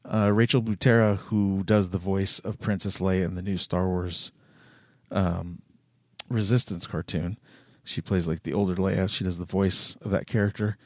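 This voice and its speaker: A man's voice: low-pitched, level tone, moderate pace, a little mellow, no room sound, clean studio sound. A man hosting a casual commentary show, loose and swearing, with lots of fillers. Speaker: host.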